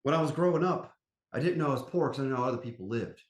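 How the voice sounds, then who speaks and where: A man with a drawl talks as an interview guest, folksy and emphatic, his pitch swinging widely as he tells his stories. His voice carries a noticeable room echo. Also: very fast. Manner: animated storyteller, folksy and emphatic. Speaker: company CEO, podcast guest. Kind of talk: casual interview chat. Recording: roomy echo.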